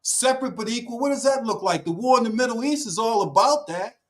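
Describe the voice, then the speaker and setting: A man's voice: very high-pitched, animated, fast, fairly bright tone, poor audio. A man speaking emphatically on a talk show panel, with a preaching cadence that rises and falls.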